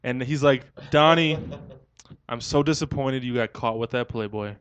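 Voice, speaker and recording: A man's voice: mid-range voice, moderate pace, smooth. A young man co-hosting a casual podcast, telling a long anecdote and acting out the quoted lines. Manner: animated anecdote teller, acts out quoted dialogue. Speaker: podcast co-host. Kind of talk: casual chat, storytelling.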